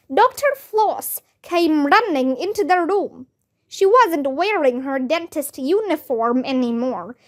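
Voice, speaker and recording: A woman reads a children's chapter book aloud in a high, light voice. She takes her time over every sentence and gives the characters lively voices. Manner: lively, voices each character with raised pitch.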